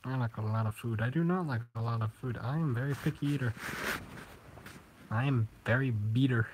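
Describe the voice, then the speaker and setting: A man's voice: mid-range voice, fairly quick, a little mellow, slight background noise, poor audio. A teenage boy streaming live, chatting casually with viewers and rambling with frequent giggles. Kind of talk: casual live-stream chat reading comments.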